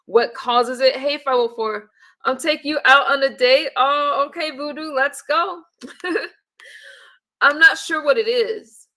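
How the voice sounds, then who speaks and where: A woman's voice: on the high side, gravelly, sharp tone. A woman on a casual live-stream check-in, chatty and emotional, greeting viewers by name and often trailing off and restarting. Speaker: livestreamer.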